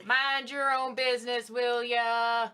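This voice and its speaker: A woman's voice: fairly high pitch, flat delivery, slow, bright, forceful tone, clear, resonant tone. A woman voicing a superstitious rural local who warns off outsiders in a folksy drawl. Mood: threatening. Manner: folksy drawl, dropped grammar.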